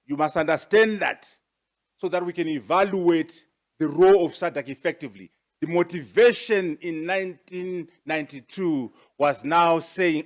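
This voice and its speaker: Male guest speaker, high voice, rhetorical and forceful, formal address. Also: moderate pace. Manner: rhetorical and emphatic, with repeated questions; forceful, with sharp rises for emphasis. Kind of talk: formal presentation to an audience.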